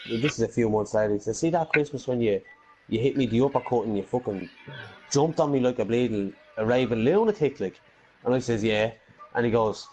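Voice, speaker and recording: Young man, animated storyteller, swears a lot, casual chat. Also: medium pitch, brisk, poor audio. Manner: animated, swears freely, says "you know what I mean".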